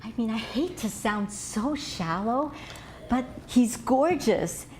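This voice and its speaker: An older woman as a smitten, hopeful lady, fairly high voice, eager and gushing, faint room hum behind. She talks quickly through her excitement.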